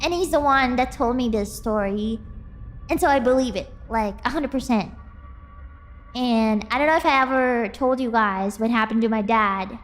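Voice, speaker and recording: High-voiced chatty woman streamer. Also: moderate pace. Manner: excitable, bursts into squealing and laughter. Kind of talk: casual chat with viewers. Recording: faint music in the background.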